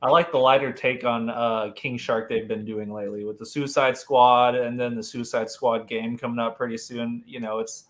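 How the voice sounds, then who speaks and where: A man's voice: medium pitch, level tone, moderate pace, hardly any pauses. A man speaking as a panelist on a casual live stream, laid-back and hedging, with lots of "like" and "you know.".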